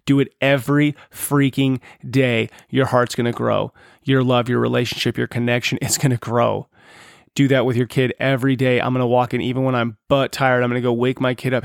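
A man's voice: mid-range voice, fairly even intonation, fairly quick, vocal fry, no room sound, clean studio sound. A man in his thirties hosting a solo podcast, giving dads an earnest pep talk and speaking to them directly. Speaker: podcast host.

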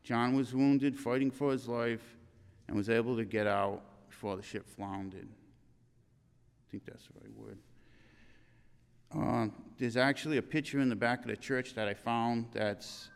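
An older man delivers a eulogy in a church, his voice smooth and resonant. The reading is earnest and halting, with small restarts, and a long reverb trails each phrase through the hall. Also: medium pitch, steady tone.

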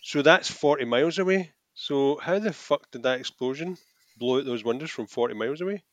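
A man's voice: mid-range voice, a bit bright, no room sound. Chatty man picking apart film logic. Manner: chatty, quick to laugh, pokes holes in plot logic. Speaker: podcast co-host. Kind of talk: casual film chat.

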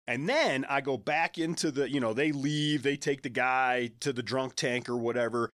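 A man's voice: medium pitch, steady tone, normal speed, fairly bright tone, no echo, studio quality. A man in his forties on a podcast, telling a personal story candidly and conversationally, with a laugh now and then.

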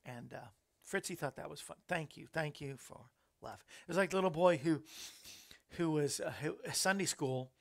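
A man's voice: fairly high pitch, moderate pace, vocal fry. A man hosting a talk show, chatting in a rambling way and laughing at his own jokes. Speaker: host.

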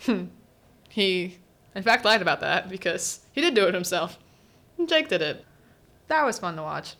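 A woman's voice: fairly low pitch, expressive, normal speed, a bit bright. A young woman hosting a student podcast, chatting casually through a show recap and laughing often as she quotes characters. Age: teens. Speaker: podcast host. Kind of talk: casual solo recap chat.

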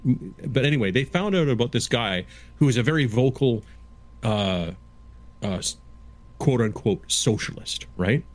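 A man in his fifties chatting casually, explaining at length in a halting way with frequent restarts. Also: mid-range voice, animated. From Canada. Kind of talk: casual chat.

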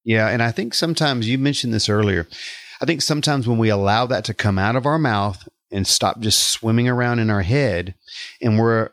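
A man's voice: fairly low pitch, moderate pace, a bit bright, dry recording, studio quality. A man hosting a faith conversation, reflecting on and affirming his guest's story. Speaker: host.

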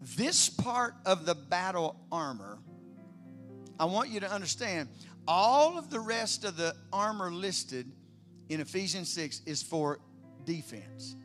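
A man, preaching a sermon emphatically, moving between loud declarations and quiet storytelling. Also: sits high, sing-song, takes it slowly, faint music behind. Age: 50s. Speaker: pastor.

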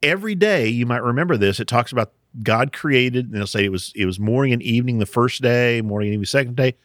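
A man's voice: mid-range voice, quick pace, no echo, studio quality. A man hosting a podcast, explaining Bible passages in a casual teaching chat, often chuckling and restarting his sentences.

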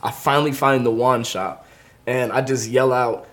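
A man's voice: mid-range voice, fairly even intonation, moderate pace. A young man hosting a podcast, telling a comedic story in a casual way, laughing often and acting out the voices of the people he quotes. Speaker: podcast host.

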